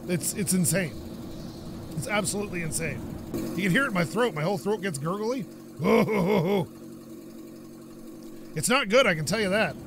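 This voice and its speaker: A man's voice: sits high, expressive, fairly quick, noisy background. A man from Canada rambling through casual let's-play commentary, a bit stuffed-up from dust and laughing often. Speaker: gaming YouTuber.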